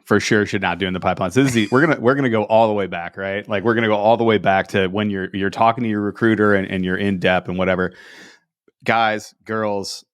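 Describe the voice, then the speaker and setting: A man co-hosting a podcast in casual chat, animated and sarcastic, often acting out other people's lines. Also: on the low side, fast talker, no echo, clean studio sound. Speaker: podcast co-host.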